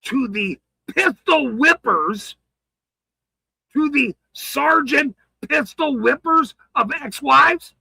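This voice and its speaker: A man ranting on a livestream, profane and taunting, swinging between shouting and muttering. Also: extremely high pitch, creaky, breathy edge, no room sound, rough recording. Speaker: livestream host.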